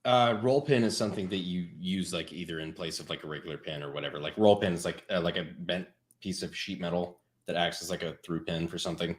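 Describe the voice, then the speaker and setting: A male guest with a very deep voice explains a part in a rush, stumbling over fillers as he goes. He talks fast and casually, like a friend on a stream. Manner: rapid, halting explanation with many fillers.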